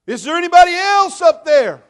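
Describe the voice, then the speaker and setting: A man's voice: extremely high pitch, very animated, normal speed, fairly bright tone, pitched above the performer's own voice, exaggerated voice. A preacher acting a panicked man screaming from a cliff. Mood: incredulous. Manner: screaming, desperate pleading.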